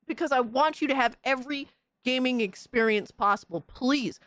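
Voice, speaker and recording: Woman podcast host: high voice, dry close sound, profane mocking rant style. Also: fairly bright tone, no room sound. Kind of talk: casual gaming rant.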